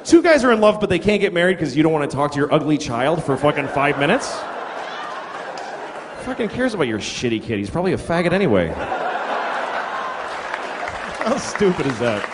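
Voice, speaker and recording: A man's voice: fairly high pitch, big pitch swings, fairly quick, a crowd in the background. A man performing a profane, ranting stand-up comedy routine on stage. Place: live comedy venue. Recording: echoey live club with audience noise.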